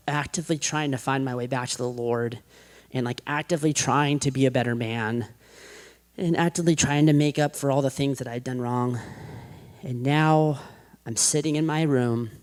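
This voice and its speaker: A man giving a personal faith testimony to an audience, rambling and restarting, his voice dropping low and hushed in heavy moments. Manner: rambling, self-described chaotic, with many restarts.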